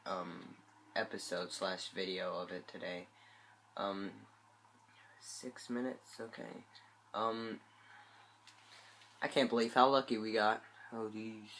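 A man's voice: fairly low pitch, vocal fry, a bit bright, slight background noise. A man who is sick, giving rambling, hesitant gameplay commentary into a phone mic. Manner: rambling, hesitant, many fillers. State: sick, congested voice. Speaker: gameplay channel host. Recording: guitar music playing behind. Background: guitar music.

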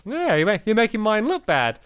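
A man's voice: high voice, wildly swooping pitch, fairly quick, a bit bright, clean tone, no echo. A man co-hosting a casual building-game video, teasing his partner and laughing often. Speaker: co-host. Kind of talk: casual let's-play chat.

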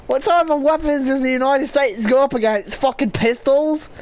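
A woman giving loud, profane commentary over gameplay, swearing and laughing often. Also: sits high, normal speed, a little hiss or hum. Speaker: gaming video creator.

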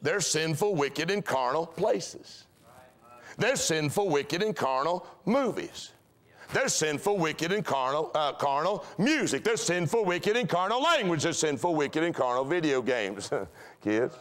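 Speaking a little slowly but with great animation, this pastor has a slightly high, fairly bright voice. He preaches in the church sanctuary, telling stories in a folksy way and leaning on rhythmic, repeated phrases.

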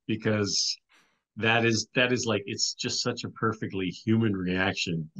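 A man's voice: mid-range voice, normal speed, fairly bright tone, low-quality recording. A middle-aged man telling a story casually as a guest on an interview show, with frequent restarts and "you know"s. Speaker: podcast guest, author and filmmaker.

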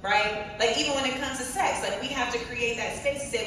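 A woman's voice: on the high side, a little fast. Brief: emphatic comic woman, distant mic, long echo and audience noise. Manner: sharp, emphatic and wry. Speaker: co-host on stage. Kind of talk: storytelling stage conversation. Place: large conference hall stage. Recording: echoey hall, far from mic, crowd noise.

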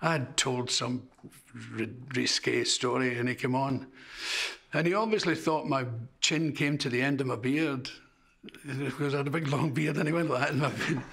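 A man, a stand-up comedian, telling anecdotes in an interview with animated delivery, swearing and acting out shouts. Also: fairly high pitch, creaky, background noise.

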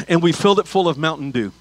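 A man's voice: on the high side, expressive, fairly quick, creaky, breathy edge, no room sound, poor audio. A man preaching a sermon as pastor, telling a funny story with asides before turning to scripture.

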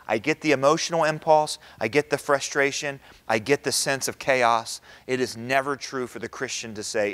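Animated man preaching to an audience. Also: medium pitch, normal speed, hardly any pauses. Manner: animated, quizzes the audience with rhetorical questions. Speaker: Christian speaker addressing an audience. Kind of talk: lively public talk.

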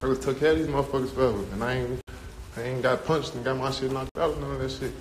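A man's voice: medium pitch, steady tone, fast. Young man chatting loosely on a noisy phone livestream. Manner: loose, profane, rambling street talk. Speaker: livestream host. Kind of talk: casual livestream chat. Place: indoors at home.

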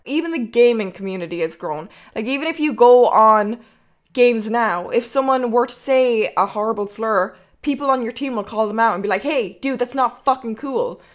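A woman's voice: on the high side, animated, normal speed. A young Irish woman streaming, chatting casually in a rambling way and swearing freely.

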